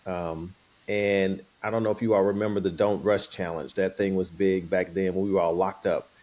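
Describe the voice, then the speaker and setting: A middle-aged man with a fairly low voice talks as a guest, easygoing and playful. He tells his story casually and slips into acting out what others said. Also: moderate pace. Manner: relaxed, playful, acts out quoted voices.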